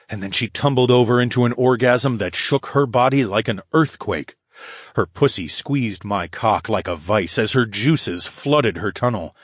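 A man narrating a fantasy audiobook in the first person, with a steady, low growling delivery. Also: husky, dry recording, studio quality.

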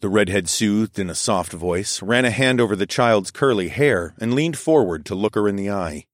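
A man narrates a story in the first person with a calm, measured delivery. His voice sits low. The recording is dry and close, with no room sound. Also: no room sound. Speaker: narrator and lead character.

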